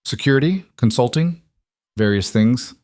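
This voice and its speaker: A man voicing a calm, assured mafia boss with a dry, amused manner in an audiobook. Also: medium pitch, moderate pace, no echo, voice pushed up, natural voice. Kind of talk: audiobook character voice.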